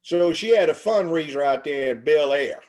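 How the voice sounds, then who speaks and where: A man's voice: fairly high pitch, expressive, moderate pace, a little mellow. An older man from Los Angeles, talking as an interview guest in an emphatic, preachy way with long lists. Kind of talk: casual interview talk.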